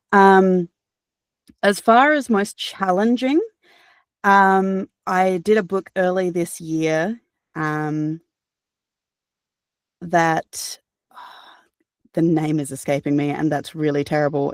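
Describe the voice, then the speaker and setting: An Australian woman, a voice actor and audiobook narrator, answering interview questions in a chatty, animated way with fillers and restarts. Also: lowish voice, no room sound, clean studio sound.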